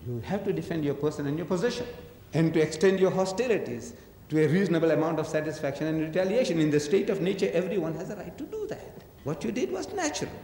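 A man lectures with a lively, swooping delivery and a fairly high voice. He drives his points home with rhetorical questions and acts out voices in his anecdotes. The sound is echoey with a long hall reverb. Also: fast talker. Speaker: religious lecturer. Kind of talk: public lecture on religion.

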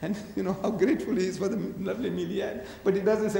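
A man's voice: high voice, lively intonation, quick pace, vocal fry, warm tone, a little hiss or hum. A man giving a public lecture on religion, emphatic and full of rhetorical questions, acting out the voices in his stories. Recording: echoey hall reverb.

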